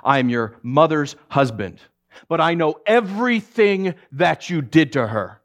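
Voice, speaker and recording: A man voicing a huge, protective stepfather who speaks firmly and forcefully. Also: fairly high pitch, expressive, measured pace, voice pushed up. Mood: stern. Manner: firm and forceful.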